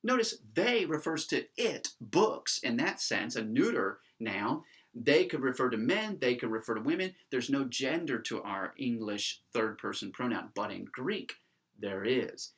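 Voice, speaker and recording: A man lecturing on Greek grammar, animated and emphatic, with many fillers. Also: mid-range voice, a little slow, slightly rough. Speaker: Greek teacher. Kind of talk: classroom lecture.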